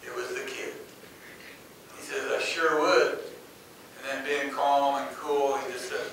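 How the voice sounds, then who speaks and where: A man's voice: mid-range voice, steady tone, measured pace, long pauses, background noise. A man giving a folksy, anecdotal motivational talk, acting out the voices in his stories. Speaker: speaker. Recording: echoey hall, mic far off.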